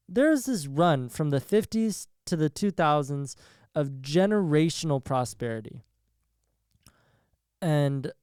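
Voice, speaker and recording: A man's voice: fairly high pitch, darkish tone, clean tone, dry recording, studio quality. A young man hosting a solo podcast, talking in a rambling, profane way and laughing at his own jokes. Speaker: podcast host.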